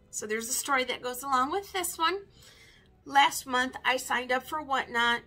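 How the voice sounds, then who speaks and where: A woman's voice: a little high, bright, forceful tone. A woman in her fifties, a record collector chatting casually in a vinyl tag video, wry and self-mocking. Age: 50s.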